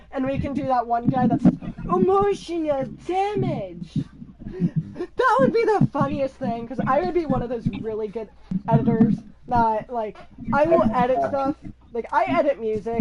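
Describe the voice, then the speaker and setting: A woman vlogging in a casual, rambling way, hyper and excitable. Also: high-pitched, poor audio. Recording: loud crowd noise behind.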